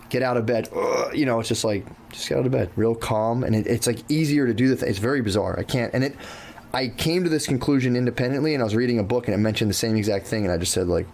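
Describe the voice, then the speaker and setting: A man's voice: mid-range voice, gravelly, darkish tone, slight background noise. A man co-hosting a podcast in loose casual chat, swearing freely, saying "dude" often and acting out his own thoughts. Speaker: podcast co-host.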